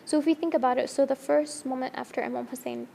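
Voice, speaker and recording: Earnest high-voiced woman, gravelly edge. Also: fairly even intonation, fast, mellow, slight background noise. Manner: earnest, emotional storytelling with restarts. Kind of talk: religious discussion.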